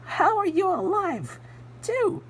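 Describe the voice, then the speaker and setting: A woman voicing a curious, eager young living block that fires off excited questions. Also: very high voice, voice pushed up, heavily acted. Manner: rapid-fire, excited questioning.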